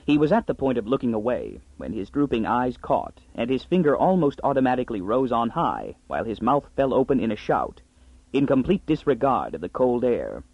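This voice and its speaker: A man narrating a story in an expressive, scripted reading. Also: mid-range voice, fairly quick, slightly rough, dry recording. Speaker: audiobook narrator. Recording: dry, slightly muffled audiobook.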